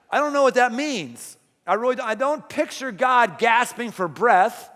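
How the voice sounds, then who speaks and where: A man's voice: extremely high pitch, very animated, normal speed, a bit bright. A man pastor preaching a conversational sermon in a large church, full of rhetorical questions. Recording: long hall reverb.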